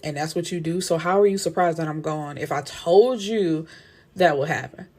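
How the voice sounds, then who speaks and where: A woman giving a casual recap of a novel, with blunt, slangy, animated commentary. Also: deep voice, moderate pace. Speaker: book reviewer.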